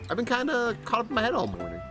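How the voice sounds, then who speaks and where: A man voicing a young girl hiker in a video game, soft and hesitant. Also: extremely high pitch, wildly swooping pitch, very fast, music in the background, pitched above the performer's own voice, exaggerated voice. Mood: unsure.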